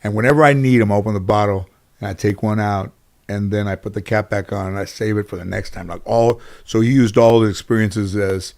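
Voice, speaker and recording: A man's voice: lowish voice, steady tone, fairly quick, vocal fry, darkish tone. Middle-aged man telling rambling stories. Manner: rambling anecdotes full of "you know". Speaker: interview guest. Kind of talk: casual storytelling.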